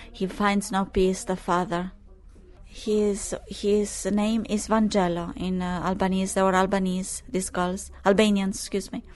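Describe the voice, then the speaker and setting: A woman preaching, recounting news in a halting, filler-heavy way, rising to forceful preaching. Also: mid-range voice, little pitch movement. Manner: halting, many fillers and restarts; grows loud and forceful when preaching. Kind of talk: sermon reading news and prophecy.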